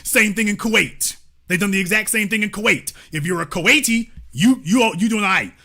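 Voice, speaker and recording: A man's voice: high-pitched, fairly quick, pushed and bright. A man hosting a livestream commentary show, talking emphatically and profanely to his chat. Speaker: host.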